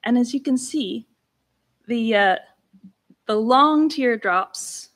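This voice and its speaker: A woman's voice: on the high side, lively intonation, slow, fairly bright tone. Woman lecturing, demonstrating vocal slides. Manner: demonstrates speech inflections with sung-like slides and exclamations; conversational, with restarts. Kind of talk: academic lecture-recital. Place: lecture room.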